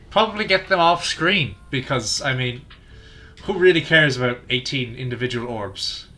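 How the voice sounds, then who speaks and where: A man streaming a game, his voice bright and forward, joking at his own expense and thinking aloud as he plays. Faint noise sits under his voice. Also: medium pitch. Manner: joking, self-deprecating, talks to himself while searching. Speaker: streamer playing a video game. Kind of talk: casual gameplay commentary with friends.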